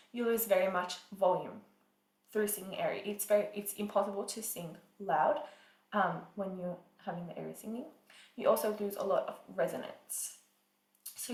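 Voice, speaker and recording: A woman teaching singing in a casual, chatty way, often saying "like" and "um" as she explains. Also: mid-range voice. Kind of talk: casual vocal lesson. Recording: echoey room.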